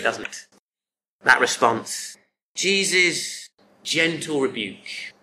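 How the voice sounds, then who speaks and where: A man's voice: mid-range voice, very animated, takes it slowly, background noise. A man preaching a sermon in a conversational way, often turning statements into tag questions for his listeners.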